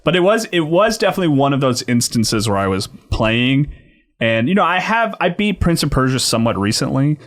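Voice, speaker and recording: A lively man co-hosts a studio podcast and talks fast. His pitch swings widely as he chats with excitement. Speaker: podcast co-host. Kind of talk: casual podcast chat.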